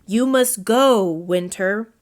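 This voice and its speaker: A woman voicing a fussy, excitable male owl as she reads a children's storybook aloud. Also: a little slow, close to an everyday voice. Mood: scolding. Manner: high, fretful storybook voice.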